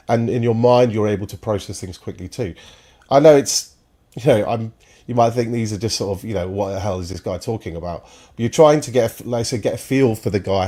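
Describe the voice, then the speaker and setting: A man's voice: lowish voice, a little mellow. A man hosting a football stream, giving opinionated, enthusiastic commentary that rambles at times. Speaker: football podcast host.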